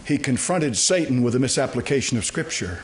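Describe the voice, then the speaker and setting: A man's voice: medium pitch, animated, fairly quick. A male pastor, preaching an emphatic, folksy sermon full of rhetorical questions.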